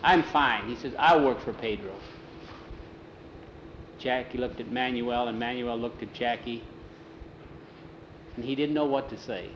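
Male oral storyteller, casual folksy telling with character voices, mid-pitched, room echo, faint background hiss. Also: a little slow, pauses often, lo-fi sound. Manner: relaxed folksy telling, slips into broken-English character voices. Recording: roomy, faint ambient noise.

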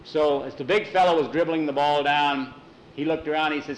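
A man telling a sports story in a folksy, animated way, with many "he said"s. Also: on the high side, normal speed, a little hiss or hum, rough recording. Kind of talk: told story narration.

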